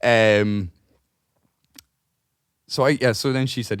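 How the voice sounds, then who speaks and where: A man, co-hosting a podcast and telling a story in casual chat, animated, swearing freely and acting out what people said. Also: lowish voice, moderate pace, clear, resonant tone, dry recording, studio quality. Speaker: podcast co-host.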